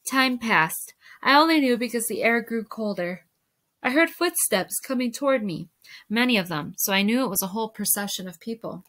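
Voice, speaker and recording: A woman teacher reads a storybook aloud in a steady narrating voice. Her tone is bright and clear. The pace is even, as in a class read-aloud. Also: on the high side, normal speed.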